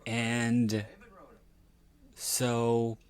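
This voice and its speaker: A man hosting a podcast, reviewing a horror episode in casual chat, sounding exasperated, skeptical and halting. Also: mid-range voice, completely flat delivery. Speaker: podcast host.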